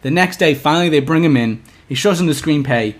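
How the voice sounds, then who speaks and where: A young man co-hosting a podcast, telling a long story in casual chat, animated, restarting often and acting out the lines he quotes. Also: on the high side, brisk. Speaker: podcast co-host.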